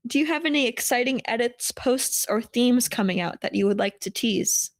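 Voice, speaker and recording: A woman's voice: a little high, normal speed, no echo, clean studio sound. A woman hosting a casual podcast chat, speaking with enthusiasm and heaping praise on her guest. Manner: warmly enthusiastic, full of praise. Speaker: podcast host.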